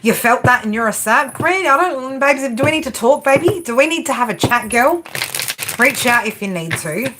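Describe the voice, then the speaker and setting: A woman reads tarot in a blunt, exasperated monologue full of swearing. She keeps tagging her points with "right?". Her voice sits a bit high, and clear background noise runs under it. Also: lively intonation, normal speed. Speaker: tarot reader. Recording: noisy background.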